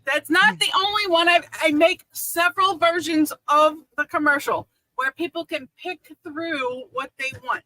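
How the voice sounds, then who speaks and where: A female radio co-host with a high, bright, sharp voice. She banters playfully and pushes back against teasing. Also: measured pace, few pauses, no room sound, poor audio. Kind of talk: casual studio banter.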